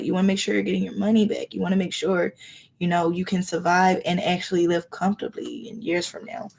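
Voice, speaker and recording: A woman's voice: mid-range voice, gravelly. Preachy, colloquial woman tarot reader. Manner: earnest, preachy, colloquial, acts out little scenes. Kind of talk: live tarot reading, motivational talk.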